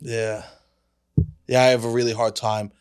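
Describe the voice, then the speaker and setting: A man's voice: mid-range voice, flat delivery, normal speed, clear, resonant tone. A young man, a comedian co-host, chatting in a playful, giggly, goofy way. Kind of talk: casual comedy chat.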